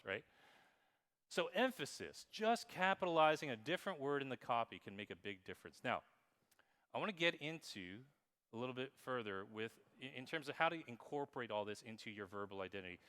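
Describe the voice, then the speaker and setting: A man in his thirties gives a lively, emphatic keynote in a large conference hall, addressing the audience directly. His voice is mid-range.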